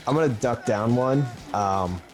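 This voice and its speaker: A man's voice: medium pitch, unhurried, faint music behind. A man playing a tabletop role-playing game, casually planning his character's moves aloud. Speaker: player.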